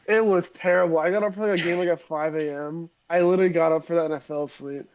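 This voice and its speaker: A young man co-hosting a sports podcast, easygoing and quick to laugh. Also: fairly high pitch, steady tone. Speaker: podcast co-host. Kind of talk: casual sports chat. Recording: dull lo-fi mic.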